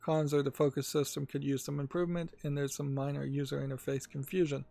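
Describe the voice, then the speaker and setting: A man hosting a gaming channel, talking casually about game news in a rambling, halting way with many fillers. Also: on the high side, little pitch movement, vocal fry, warm tone.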